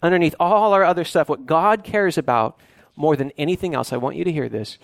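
A man's voice: fairly high pitch, a little fast, vocal fry, no room sound. A man preaching a sermon as pastor, earnest and often repeating and restarting his words.

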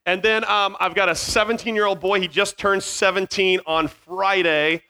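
He's a man in his forties from Virginia, lacking any regional accent, bantering with middle schoolers at a youth camp via headset mic. The voice is high-pitched and bright, pushed, with fairly even intonation at normal speed, and his manner is scattered and self-deprecating as he hops between tangents.

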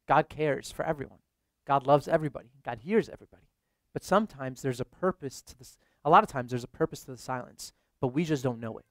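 A man's voice: on the high side, no echo, clean studio sound. A young adult man, a priest, giving a casual, conversational sermon full of "like" fillers.

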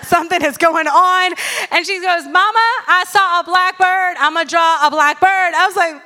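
A woman in her thirties giving a sermon full of personal stories, chatty and animated, checking in with the audience with "okay?" and "all right?". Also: extremely high pitch, normal speed. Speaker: speaker at a women's church gathering. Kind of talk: preaching with personal storytelling.

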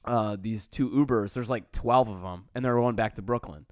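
A man's voice: lowish voice, moderate pace, darkish tone, no echo, studio quality. A man casually telling a long story on a podcast, full of fillers, acting out what people said. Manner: rambling, many "like" fillers, acts out quotes. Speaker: podcast host.

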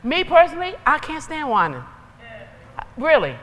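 Woman preacher, bright and punchy, lively conversational sermon, long hall reverb. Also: sits high, normal speed.

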